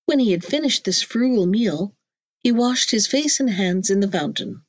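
A woman narrating a classic storybook in a measured, clear reading voice. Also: mid-range voice, expressive, no echo. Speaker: audiobook narrator.

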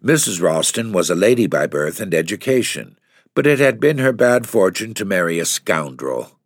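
A man narrating a classic novel as an audiobook in a measured, even storytelling voice. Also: deep voice, no room sound, studio quality. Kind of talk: scripted narration.

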